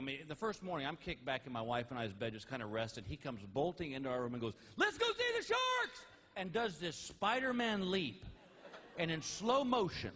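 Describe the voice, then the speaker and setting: A high-voiced male stand-up comedian tells a story with big swoops of pitch. He punches lines with shouts and quick impressions. The live recording is noisy throughout. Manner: animated, exaggerated, slipping into voices and shouts.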